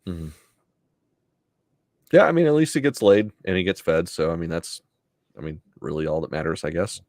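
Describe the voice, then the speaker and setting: Low, dry-voiced swearing podcast man. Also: moderate pace, a little mellow, no echo. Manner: laid-back, swears a lot, laughs often. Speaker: podcast co-host. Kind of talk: casual chat.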